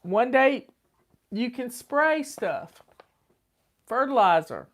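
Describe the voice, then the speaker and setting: Chatty woman, fairly high voice. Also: lively intonation, slow pace. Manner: chatty, folksy, repeats herself. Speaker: host answering viewer questions. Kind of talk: casual advice chat.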